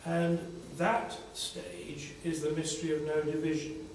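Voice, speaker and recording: An older man giving a slow, reflective spiritual talk at a conference panel, pausing often between phrases. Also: on the high side, level tone, a little hiss or hum. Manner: slow, reflective, with long pauses. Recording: echoey hall from far off.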